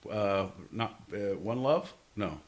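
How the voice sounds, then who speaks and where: Here a man with a lowish, expressive voice takes things slowly while co-hosting a podcast. He ribs his friend in goofy, casual comedic back-and-forth, often breaking into silly voices.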